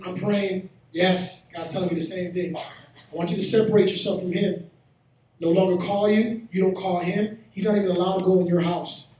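A man preaching a sermon as pastor, telling a personal story and building to shouted exhortation in a church hall. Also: high-pitched. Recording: echoey hall, mic from a distance.

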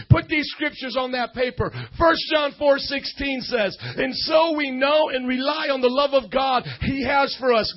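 A man preaching a sermon to a youth crowd from a stage, loudly leading call-and-response and often shouting. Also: very high voice, highs cut off.

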